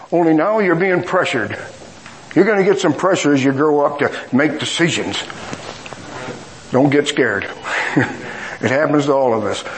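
Man, middle-aged, preacher, folksy storytelling sermon, self-mocking humor, slightly high pitch, faint room ambience. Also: a little hiss or hum, poor audio.

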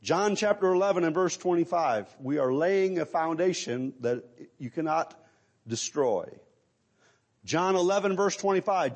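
A middle-aged male preacher delivers a sermon with a high, strongly rising and falling voice. He drives his points home emphatically and keeps asking his listeners questions. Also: animated, moderate pace, creaky, darkish tone. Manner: emphatic, asks the congregation rhetorical questions.

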